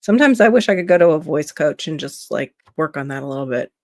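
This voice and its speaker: A woman's voice: low voice, lively intonation, fast talker, darkish tone, no room sound, studio quality. A woman from Florida with a noticeably nasal voice hosts a casual livestream. She chats easily and reacts to viewers' comments as she reads them aloud. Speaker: livestream host.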